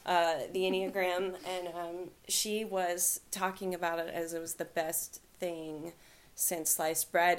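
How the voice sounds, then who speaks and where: A woman's voice: fairly low pitch, little pitch movement, slow. A woman co-hosting a podcast, talking at length in a rambling way with many fillers and frequent laughs. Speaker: podcast co-host. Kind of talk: casual podcast chat.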